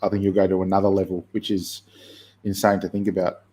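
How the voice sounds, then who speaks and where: Man, deep, mellow tone, relaxed football podcast chat. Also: brisk. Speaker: podcast co-host and youth football coach.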